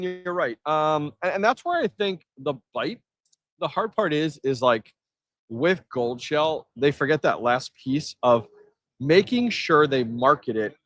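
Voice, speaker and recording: A man's voice: fairly high pitch, dry recording. A man hosting a live stream from an event floor, chatting casually and answering his chat with energy. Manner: energetic, reads chat aloud, quick asides.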